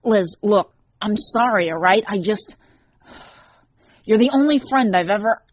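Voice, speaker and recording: A woman's voice: mid-range voice, animated, unhurried, dry recording, voice pushed up. Woman reading as Rorik, brash teen demon boy. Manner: wisecracking, defensive. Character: brash teenage male demon, sardonic loner.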